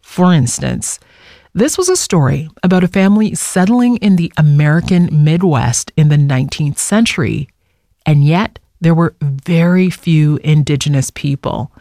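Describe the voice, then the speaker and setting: A man's voice: fairly high pitch, lively intonation, normal speed, creaky, dark tone, dry recording, studio quality. Conversational male radio host. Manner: conversational storytelling. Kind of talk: radio show hosting.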